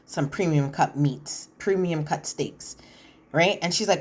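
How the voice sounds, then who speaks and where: A woman with a deep, breathy-edged voice takes her time as she recaps a reality show. She's casual and opinionated, bringing scenes to life with animated retelling and slang remarks.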